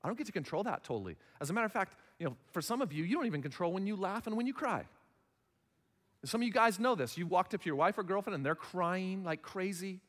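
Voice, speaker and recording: This thirty-something pastor preaches in a high, fairly bright voice, fast and animated, with big-room sound. Conversational throughout, he plays out small exchanges in different voices.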